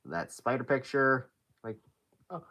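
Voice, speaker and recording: A teenage boy chatting casually on a livestream from his bedroom, halting and rambling with many restarts. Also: medium pitch, expressive, sharp tone. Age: teens. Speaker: livestream host.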